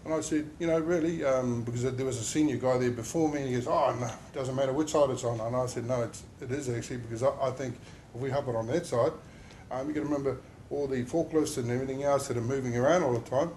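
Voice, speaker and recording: A man's voice: mid-range voice, fairly even intonation, quick pace, few pauses, darkish tone. A man tells a heartfelt story about his workplace injury, rambling and full of "you know"s. His voice sits in a middle range, and a faint hum of noise lies behind it. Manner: emotional, rambling storyteller with many fillers. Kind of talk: safety talk testimony.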